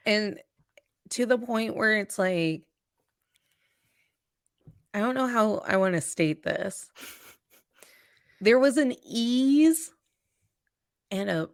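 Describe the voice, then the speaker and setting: A woman with a mid-range voice co-hosts a podcast in casual chat, playful and animated as she tells her stories. The sound is dry and close, with no room around it. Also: mid-range voice, slow, vocal fry, long pauses, no room sound. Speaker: podcast co-host.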